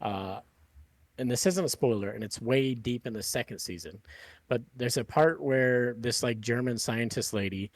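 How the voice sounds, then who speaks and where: A man's voice: mid-range voice, no echo. A man hosting a podcast, chatting casually in a rambling way with lots of fillers and swearing. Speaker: podcast host.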